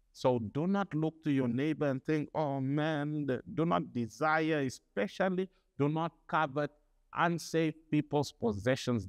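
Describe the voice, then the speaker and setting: A male pastor preaching a sermon, building up to loud repeated declarations. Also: medium pitch, no room sound.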